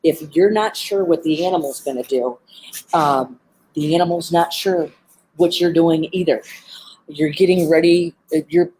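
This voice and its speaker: Earnest woman trainer with a low voice. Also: darkish tone, a little hiss or hum, low-quality recording. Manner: earnest and heartfelt, with frequent "um" fillers. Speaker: animal behavior trainer. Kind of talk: live-streamed talk with advice. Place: animal center, sitting among birds.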